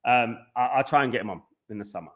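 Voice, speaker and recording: A man's voice: mid-range voice, fast talker, lo-fi sound. Rambling chatty man hosting a watchalong. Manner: chatty, rambling, repeats himself, keeps saying "guys". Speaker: watchalong host. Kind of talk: live football watchalong chat.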